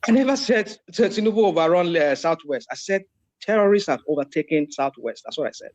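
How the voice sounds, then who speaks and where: A man's voice: a little high, expressive, fairly quick, darkish tone. A man with a Nigerian Yoruba accent arguing heatedly in an online debate, repeating himself and slipping into Yoruba. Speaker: debate participant.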